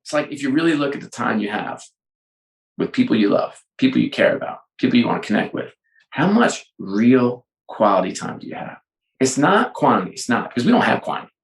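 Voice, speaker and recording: A middle-aged man talks through an interview over a call and lively acts out the dialogue in his stories. His voice sits at an ordinary pitch. The room around him gives the sound a noticeable echo. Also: a little fast, creaky. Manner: animated storyteller, acts out dialogue. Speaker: sports executive guest. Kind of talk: conversational interview. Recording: roomy echo.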